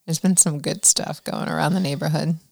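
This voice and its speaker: A woman's voice: deep voice, steady tone, brisk, creaky, a little mellow, dry recording, clean studio sound. A woman co-hosting a podcast in casual, playful chat, laughing and teasing her partner. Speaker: podcast co-host.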